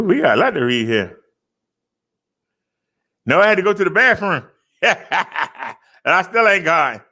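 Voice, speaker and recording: Brief: livestream host, male, raised pitch, dramatic announcer delivery, chatty with the audience. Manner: showy, drawn-out announcing with loud punches; chatty, addresses viewers as y'all. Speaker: livestream host reading daily stats. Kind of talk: casual livestream chat.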